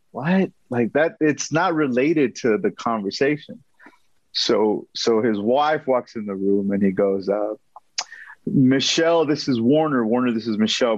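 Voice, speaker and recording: A man telling a story as an interview guest, animated and acting out quotes, often repeating himself. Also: mid-range voice, no room sound, dull audio.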